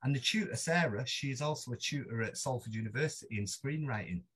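A man with a Mancunian accent chats as a podcast guest, slightly husky and mid-pitched. He tells his stories in a rambling, self-deprecating way, stopping and restarting his sentences as he goes. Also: fairly quick, fairly bright tone. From Manchester, England. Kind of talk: casual interview chat.

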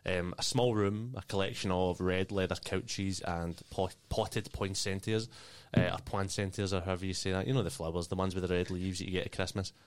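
A man narrating as game master of a tabletop game, loose and casual with many ums and uhs, quick to laugh. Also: low voice, fairly even intonation, clean tone.

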